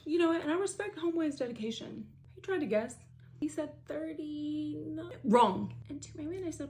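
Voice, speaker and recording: A woman's voice: high-pitched, a little hiss or hum. Young woman telling a dramatic storytime. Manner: dramatic, fast, with hushed asides. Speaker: vlogger. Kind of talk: storytime narration.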